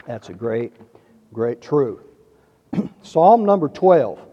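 A man preaching a sermon, reading scripture in a measured way and stressing key words. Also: medium pitch, very animated, husky. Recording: dull lo-fi with long reverb.

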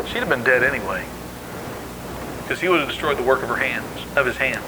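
A man's voice: medium pitch, quick pace, long pauses, sharp tone, a little hiss or hum, poor audio. A man preaching a sermon in an emphatic, conversational way, acting out the quotes he tells.

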